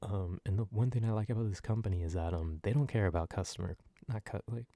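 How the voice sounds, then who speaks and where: A man on a close microphone in a soft-spoken ASMR ramble, ranting loosely with lots of fillers and swearing, sometimes sinking to near whispers. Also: on the low side, fast, no room sound. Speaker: ASMR channel host.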